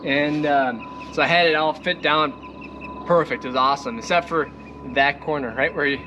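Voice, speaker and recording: This vlogger is a young Midwestern man, possibly Minnesotan, casually touring his boat setup in a slightly high voice at a moderate pace. He wanders in his talk, leans on fillers, and laughs a lot as he moves about outside. His distance from the boat-mounted camera changes, with clear background noise.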